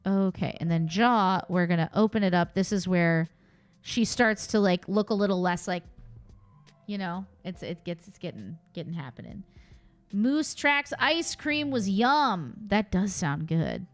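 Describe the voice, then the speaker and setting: A woman's voice: on the low side, moderate pace, dry recording, faint music behind. A woman streaming in casual, chatty commentary, thinking aloud with playful asides.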